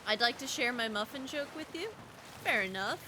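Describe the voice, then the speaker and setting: A woman's voice: on the high side, expressive, moderate pace, noisy background. A young woman with a Southern US accent, chatting casually and bubbly while streaming a game, laughing easily. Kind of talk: casual livestream chat while gaming.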